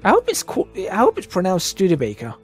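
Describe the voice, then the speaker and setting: Man, fairly high voice, casual thinking-aloud gameplay commentary, soft music bed. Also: huge pitch swings, a little fast. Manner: thinking aloud, musing and self-correcting. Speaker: gaming channel host. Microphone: desk microphone, voice drifting in and out.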